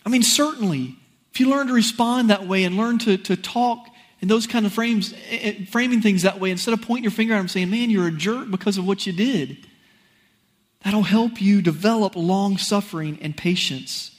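A man preaching a sermon, telling a personal story in an animated, folksy, conversational way. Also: high voice, brisk.

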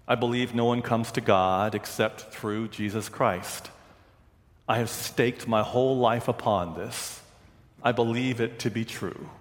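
Guy preaching a sermon in a big echoey church, tells stories and does the voices. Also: medium pitch. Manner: storytelling, acts out quoted voices. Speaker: pastor.

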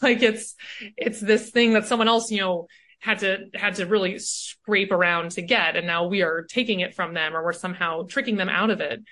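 A woman speaking as a coach and podcast guest in casual conversation. She is animated and keeps tagging her points with "right?". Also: mid-range voice, normal speed, slight background noise. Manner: animated, often tags "right?".

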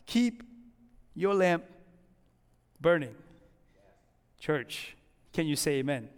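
A man with a high voice preaches in a casual, conversational way, building into a fervent prayer. His voice rings with a long hall reverb in a church. He sounds middle-aged and speaks as a pastor to his congregation. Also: expressive, unhurried, pauses often. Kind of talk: sermon and closing prayer.

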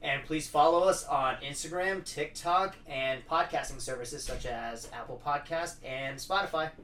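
A man's voice: a little high, unhurried, pushed and bright. A man with a Southern American accent co-hosting a casual movie review podcast, laid-back and chuckling as he retells scenes. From Georgia, USA. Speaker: podcast co-host. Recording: distant mic with faint background noise.

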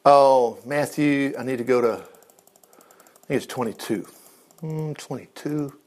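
A man preaching a sermon, reading scripture aloud and breaking in with animated, jokey asides. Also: medium pitch, slow pace.

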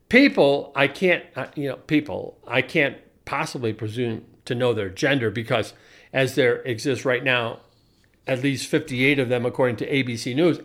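A man in his forties giving a sardonic storytelling monologue, wry and deliberate, often restarting his sentences and adding asides. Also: on the high side, fairly bright tone. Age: 40s. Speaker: commentator.

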